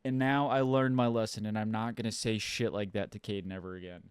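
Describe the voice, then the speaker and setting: Young man, smooth voice, dry close sound, swearing storyteller, casual podcast co-host. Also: fairly low pitch, brisk, no room sound. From Ohio. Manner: swears a lot, animated and exasperated.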